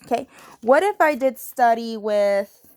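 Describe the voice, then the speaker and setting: A young woman teaching a recorded spelling lesson to third graders, playful and self-mocking, spelling words out slowly letter by letter. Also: on the high side, warm tone.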